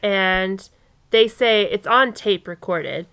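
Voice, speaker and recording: A woman's voice: medium pitch, slow, smooth. A woman co-hosting a casual true-crime chat, retelling events with swearing and acted-out quotes. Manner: animated retelling, swearing, acting out quoted calls. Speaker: podcast co-host.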